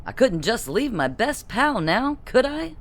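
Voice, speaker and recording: An audiobook narrator voicing a reckless, giddy male Soviet spy with a Russian accent and an excitable, theatrical delivery. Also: mid-range voice, unhurried, pitched above the performer's own voice.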